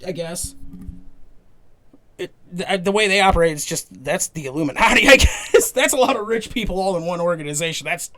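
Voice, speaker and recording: A man's voice: sits high, animated, fast talker, a bit bright. A young man with a Wisconsin accent, co-hosting a casual podcast, rambling and swearing constantly as he jokes around. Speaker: podcast co-host. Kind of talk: casual profane banter.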